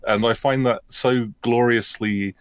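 A man on a podcast, warmly and enthusiastically praising a favorite subplot. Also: mid-range voice, fairly even intonation, unhurried, clear, resonant tone, no echo. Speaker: podcast co-host. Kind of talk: casual chat.

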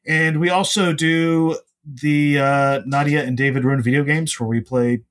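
A man's voice: on the high side, steady tone, unhurried. A man who is a guest on a podcast, a comics writer, chatting casually and rambling with lots of filler sounds.

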